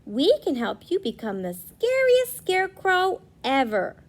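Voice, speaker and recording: A woman's voice: high voice, huge pitch swings, measured pace, voice pushed up, exaggerated voice. A woman voicing a kind, clever female autumn leaf in a storybook read-aloud, eager and encouraging.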